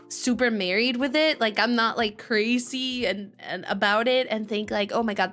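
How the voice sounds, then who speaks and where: A woman's voice: fairly high pitch, a bit bright. A woman streamer chatting casually to her viewers, rambling, laughing often and greeting chat by name. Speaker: streamer and voice actor.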